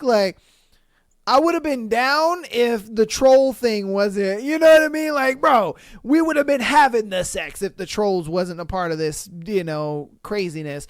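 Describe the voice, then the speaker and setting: Man, podcast host, smooth clear voice, dry sound, profane, exasperated, reads stories. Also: high voice, measured pace, dry recording. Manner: blunt, profane, exasperated commentary. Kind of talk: reading and reacting to listener stories.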